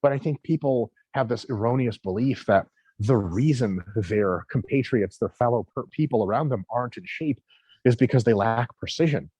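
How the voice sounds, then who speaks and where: Brief: male guest coach, blunt and emphatic, husky, dry recording. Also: mid-range voice, moderate pace, mellow, dry recording. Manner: emphatic, blunt, swears freely. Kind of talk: casual interview talk.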